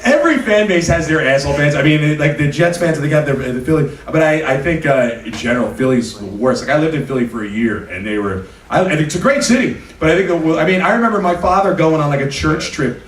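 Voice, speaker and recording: A man's voice: on the high side, lively intonation, fast talker. A male comedian, rambling in a profane way during a live panel. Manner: rambling, profane, laughing asides. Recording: roomy stage sound from far off, noisy.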